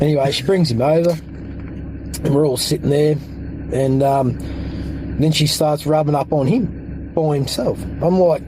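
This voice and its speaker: A man's voice: on the high side, moderate pace, pauses often, noisy background. A man with an Australian accent telling a profane, laid-back story on a podcast. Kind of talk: casual storytelling.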